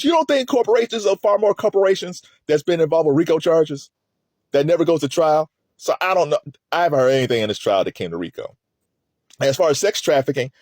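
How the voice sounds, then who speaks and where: A man gives loose, rambling commentary on a trial. His pitch jumps around a lot and he laughs often between thoughts. The sound is close and dry, with no room around it. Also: darkish tone, no echo. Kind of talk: casual commentary.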